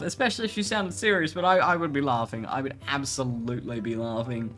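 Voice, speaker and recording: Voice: medium pitch, steady tone, a little fast, a bit bright, faint music behind. A streamer chatting casually while reading posts aloud, laughing often and swearing casually. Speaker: VTuber streamer.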